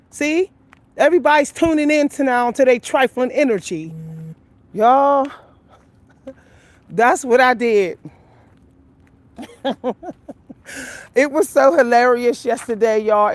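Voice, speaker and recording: Out on a walk, a woman vlogger with a high-pitched voice gives her viewers life advice, speaking casually and emphatically and laughing often. There's no echo.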